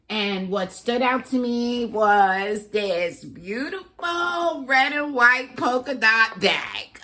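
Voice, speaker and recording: Woman vlogger, gushing and excitable, lively swooping pitch, bright husky voice. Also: slow, hardly any pauses. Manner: gushing, excitable, talks straight to viewers. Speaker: cross-stitch vlogger. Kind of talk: casual chat to camera.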